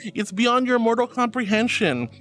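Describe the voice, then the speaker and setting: Playful, animated VTuber archangel woman. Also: a little high, normal speed, faint music behind. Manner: playful, dramatic, comforting toward chat. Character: archangel persona, regal and sweet. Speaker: VTuber streamer. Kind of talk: casual livestream chat.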